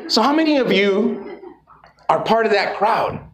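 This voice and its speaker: A man giving an energetic, profane motivational talk to a live audience, calling out to the crowd. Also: sits high, measured pace. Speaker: motivational speaker. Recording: echoey room with background noise.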